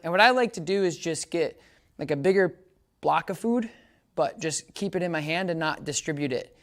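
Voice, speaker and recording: Man, dog trainer, casual explaining, bursts of high praise commands, outdoors. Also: expressive, normal speed, fairly bright tone. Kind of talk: hands-on training demonstration.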